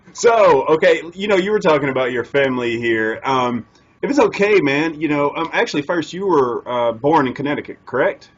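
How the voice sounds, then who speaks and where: A man's voice: a little high, animated, normal speed, breathy edge, dull audio. A man hosting a podcast interview, eager and rambling, restarting his sentences often. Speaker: podcast host. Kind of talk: casual interview chat.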